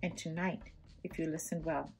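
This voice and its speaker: A woman doing a hoarse, bossy old forest witch. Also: deep voice, steady tone, moderate pace, faint music behind, voice pushed down. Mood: commanding.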